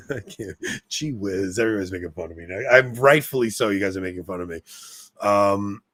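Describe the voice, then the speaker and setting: A man's voice: fairly low pitch, a little fast, fairly bright tone, no echo. A young man co-hosting a podcast in casual chat, rambling and self-mocking with frequent laughs. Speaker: podcast co-host.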